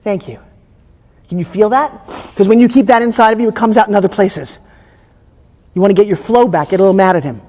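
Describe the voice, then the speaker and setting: A woman coaching a participant live, blunt and profane, pushing hard and often shouting. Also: mid-range voice, fast talker, long pauses. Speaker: transformational coach. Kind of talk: confrontational live coaching session. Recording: echoey hall with faint noise.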